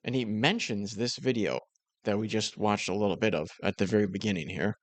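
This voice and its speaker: A man's voice: fairly low pitch, fairly even intonation, fairly quick, no echo. A man giving casual, mocking commentary on another creator's video. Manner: sarcastic, mocking. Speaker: commentary YouTuber.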